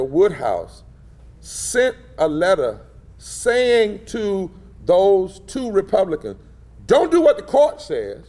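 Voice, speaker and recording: A man's voice: a little high, a little mellow. A man, speaking as a civil rights leader at a press event, in a rhythmic, emphatic preacher style that swells on key phrases. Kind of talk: impassioned preacher-style public address. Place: indoor press gathering.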